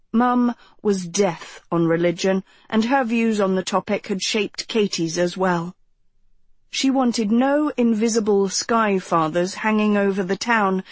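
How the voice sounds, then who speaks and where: Slow, husky-voiced woman narrating a novel. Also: mid-range voice, a little mellow, no echo. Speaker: audiobook narrator. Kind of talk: scripted narration.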